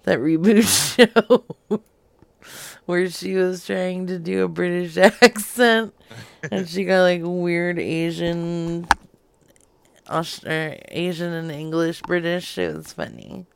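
A woman's voice: lowish voice, steady tone, slow pace, vocal fry, a little hiss or hum. A woman chatting casually on a stream, giggling a lot and slipping into whispered asides. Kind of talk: casual chat.

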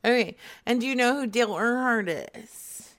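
A woman's voice: fairly high pitch, normal speed, fairly bright tone. Brash teasing woman prank caller. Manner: teasing, brash, laughing often. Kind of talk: prank phone call.

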